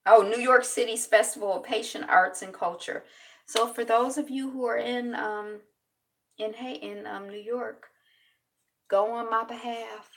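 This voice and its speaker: A woman's voice: on the high side, fairly even intonation, unhurried, far from the mic. A woman vlogger chatting casually through news items, rambling and thinking aloud.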